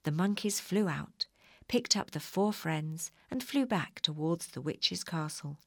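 A woman reading a children's storybook aloud in an expressive, clear way. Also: lowish voice, unhurried, no room sound, clean studio sound.

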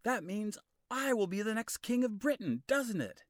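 A spoiled young knight barks orders in a raised, strained voice, as a male storyteller puts him on. He is bossy and impatient, and his pitch leaps about. The storybook reading sounds close and dry. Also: big pitch swings, a little slow, no echo. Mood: excited. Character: proud, hot-tempered young knight Kay.

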